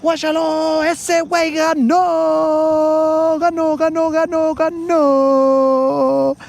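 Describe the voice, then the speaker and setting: Shrill, yelling male Mexican announcer with a Mexican Spanish accent, stuck on repeat; put on by a man. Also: fairly even intonation, normal speed, vocal fry. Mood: ecstatic. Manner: shouting, frantic, repeating himself.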